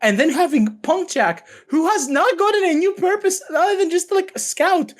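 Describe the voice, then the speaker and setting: Woman co-host, lively swings in pitch, profane and fast-moving. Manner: profane, animated, quotes characters in put-on voices. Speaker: podcast co-host. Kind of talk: casual chat.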